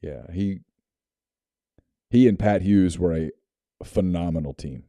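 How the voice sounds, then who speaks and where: A Southern US man co-hosts a sports podcast and tells relaxed, unhurried stories. His voice is very deep and very dark and mellow. The recording is dry and close to the mic. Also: dry recording. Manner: relaxed anecdotal storyteller. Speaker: podcast co-host. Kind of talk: casual sports chat and ad reads.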